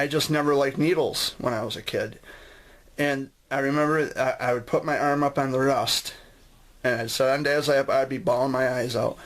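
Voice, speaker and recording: A man telling a personal story in a casual, rambling way, often restarting his sentences. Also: mid-range voice. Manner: rambling, with frequent restarts and asides. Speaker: vlogger sharing a memory.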